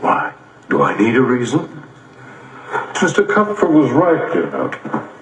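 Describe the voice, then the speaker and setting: An actor playing a calm, cold older villain, speaking slowly and quietly. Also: male voice, mid-range voice. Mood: mocking. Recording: echoey film audio with music behind.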